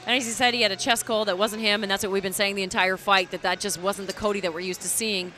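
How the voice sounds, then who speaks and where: Woman commentator, bright, blunt, indignant. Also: medium pitch, fairly even intonation, fast, soft background music. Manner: indignant, blunt about scoring. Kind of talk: post-fight commentary.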